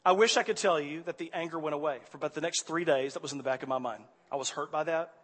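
A man preaching a sermon, telling a personal story with animated swings from quiet to loud exasperation. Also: on the high side, fast, breathy edge. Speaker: pastor. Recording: hall reverb.

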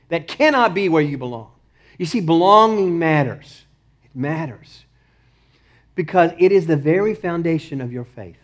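A pastor preaching a sermon with passion, repeating short declarations and swinging from loud insistence to quiet, intimate appeals. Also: male voice, high-pitched. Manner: impassioned, repeats key phrases, rises then drops to near murmur. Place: church.

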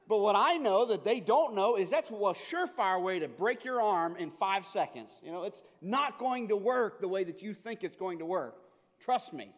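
A man preaching a sermon, telling stories and moving between quiet, hushed passages and loud, urgent ones. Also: sits high, animated, moderate pace. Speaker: pastor. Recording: long hall reverb.

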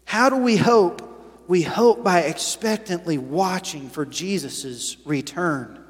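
A man preaching a sermon to his congregation, chatty and full of questions, swinging from quiet asides to loud emphatic points. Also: sits high, takes it slowly. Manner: conversational, asks the congregation questions. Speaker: pastor. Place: church sanctuary. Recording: reverberant church hall.

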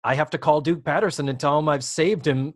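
A man co-hosting a casual recap chat, animated and quick to laugh, acting out the characters' lines as he goes. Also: on the high side, no room sound, clean studio sound. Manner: animated, acts out quotes with big laughs. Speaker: podcast co-host.

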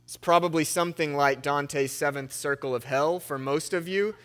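Bright-voiced man preaching a sermon. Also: on the high side, normal speed, hardly any pauses. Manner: reads scripture with shifting emphasis, then tells a story conversationally. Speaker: pastor. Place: church sanctuary.

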